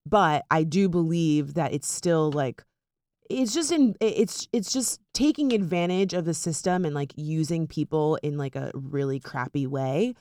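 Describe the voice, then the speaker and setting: A woman's voice: deep voice, measured pace, dry recording, clean studio sound. Chatty young woman podcast co-host. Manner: animated, lots of "like" fillers. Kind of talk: casual chat.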